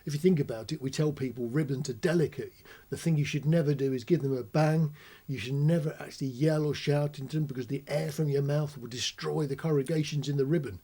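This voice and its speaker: Man, dark, husky voice, chatty technical explainer, close mic. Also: fairly high pitch, a little fast. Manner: chatty, demonstrates whispering and shouting into the mic. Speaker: host demonstrating audio gear. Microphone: close ribbon commentary mic.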